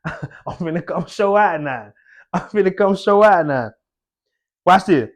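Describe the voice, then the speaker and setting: A man's voice: sits high, animated, unhurried, long pauses. Fervent young man preaching devotionally. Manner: fervent, preacher-like, casual slang. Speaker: faith content creator. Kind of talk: impassioned devotional talk.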